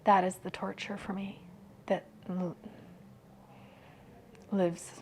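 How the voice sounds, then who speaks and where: Speaking as a podcast guest, a woman shares personal thoughts softly and with pauses, often dropping almost to a whisper. She has a mid-range voice and a flat delivery, with slight noise in the background.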